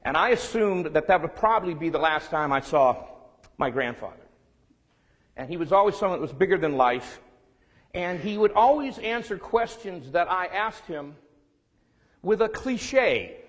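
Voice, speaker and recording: A man's voice: high voice, animated, normal speed. A man from California giving a candid, self-deprecating and humorous lecture to students, mixing warnings with family stories. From California, United States. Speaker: guest lecturer. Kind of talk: public lecture with storytelling. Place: lecture room. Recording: long reverb in a lecture room.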